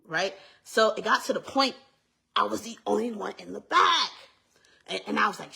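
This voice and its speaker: A woman's voice: mid-range voice, lively intonation, unhurried, vocal fry, pauses often, bright, forceful tone. A young adult woman giving an earnest, emphatic personal testimony in a casual way, repeating herself and adding asides. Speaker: vlogger sharing a testimony.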